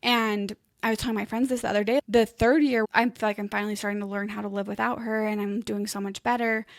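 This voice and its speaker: Creaky-voiced young woman, heartfelt. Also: medium pitch, level tone, quick pace, dry recording, clean studio sound. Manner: heartfelt and emotional, acting out what others said. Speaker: podcast co-host. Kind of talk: candid conversational podcast chat.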